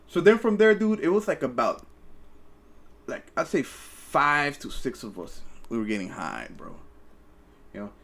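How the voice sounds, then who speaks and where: A man's voice: a little high, sing-song, a little slow, pauses often, fairly bright tone. Profane, rambling young man. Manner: profane, rambling, stammers and restarts. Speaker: podcast host. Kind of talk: casual storytelling chat.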